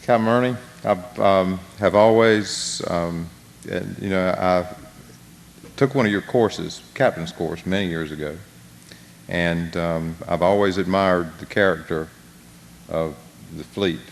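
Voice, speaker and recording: A man hosting a storytelling event, introducing a guest haltingly with many ums. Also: low voice, vocal fry. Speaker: event host. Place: festival stage. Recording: hall reverb, faint noise.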